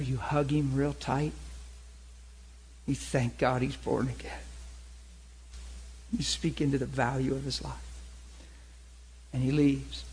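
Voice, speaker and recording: A man preaching in an animated storytelling style, checking in with his listeners with frequent asides. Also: mid-range voice, husky, low-quality recording. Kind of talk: sermon-style teaching.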